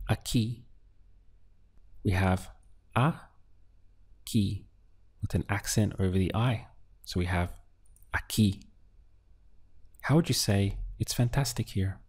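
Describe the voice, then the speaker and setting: A man's voice: fairly low pitch, lively intonation, takes it slowly, pauses often, darkish tone, slightly rough. A man teaching a beginner language lesson, patiently prompting the learner and then giving each answer. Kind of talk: slow instructional lesson.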